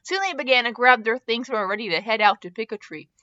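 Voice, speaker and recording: A woman's voice: on the high side, expressive, quick pace, bright, forceful tone, muffled recording. A woman hosting a comedic fanfiction reading, breaking off into sarcastic asides and stumbling over words. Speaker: podcast host reading fanfiction.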